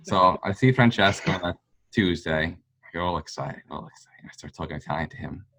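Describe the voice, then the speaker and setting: A man's voice: low-pitched, expressive, fairly quick, sharp tone. A man, a golf fan, telling a long story in casual chat, rambling with lots of fillers. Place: local pub.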